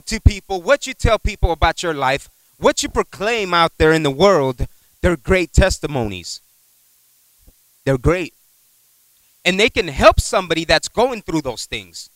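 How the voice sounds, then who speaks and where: A man preaching a sermon in a conversational, animated way, telling a personal story, repeating words and asking the congregation for an amen. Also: sits high, a little slow, no room sound, poor audio. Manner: animated, acts out voices in his stories.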